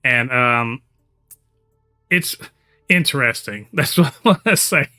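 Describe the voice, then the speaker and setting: A man's voice: mid-range voice, expressive, slow, sharp tone, soft background music. A man hosting a casual podcast chat, talking enthusiastically and rambling with lots of fillers. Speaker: podcast host.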